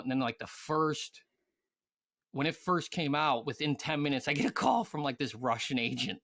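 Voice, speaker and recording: Male guest, ex-hockey pro; fairly high voice, loose, profane storyteller. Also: a little fast. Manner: animated, swears freely, many fillers. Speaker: podcast guest, former pro hockey player. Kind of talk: casual storytelling chat.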